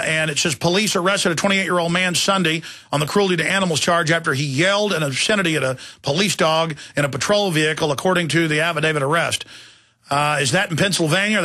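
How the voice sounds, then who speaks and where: A man's voice: a little high, pushed and bright. A middle-aged man hosting a talk radio show, telling rambling, digressive stories in a heated, indignant way.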